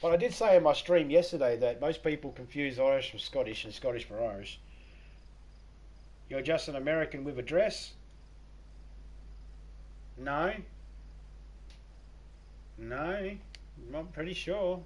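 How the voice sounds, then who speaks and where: A man's voice: a little high, unhurried, pauses often, a little mellow. Joking Australian man streaming a game. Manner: joking, rambling, reads chat aloud. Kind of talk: casual live-stream chat.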